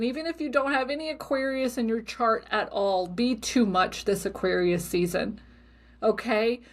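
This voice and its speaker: A middle-aged woman talks straight to her listeners in a casual solo podcast. Her voice sits a little high. She is blunt and expressive and swears freely. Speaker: podcast host.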